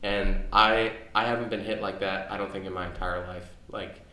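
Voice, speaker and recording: Low-voiced man telling rambling stories. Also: steady tone, moderate pace, sharp tone. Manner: rambling anecdotes with many restarts. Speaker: podcast co-host. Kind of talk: casual storytelling chat. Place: on location near his home. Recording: echoey on-location recording with faint ambience.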